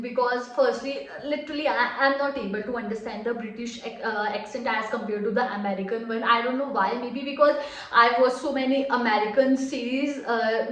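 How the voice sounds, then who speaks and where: A woman with an Indian accent giving her opinion in a casual reaction chat, hesitant with frequent "uh"s. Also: a little high. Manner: hesitant, full of "uh" and restarts. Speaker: reaction channel co-host. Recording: echoey room, voice set off-mic.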